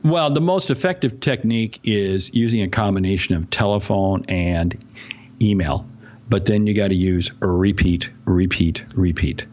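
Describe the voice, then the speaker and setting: A man speaking as a sales expert guest in a podcast interview, ranting in an animated way and often interrupting himself. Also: deep voice, normal speed, lo-fi sound.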